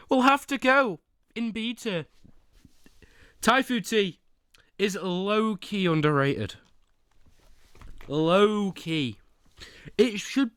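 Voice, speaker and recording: A man's voice: high-pitched, a bit bright, clear, resonant tone, no echo, clean studio sound. A young man streaming casual chat, ranking teas with whiny pleading and sudden dramatic outbursts.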